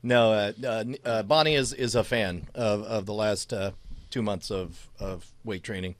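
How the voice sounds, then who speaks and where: A man co-hosting a casual podcast, talking in a rambling, self-deprecating way with lots of halting restarts. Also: fairly low pitch, slight background noise. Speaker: co-host.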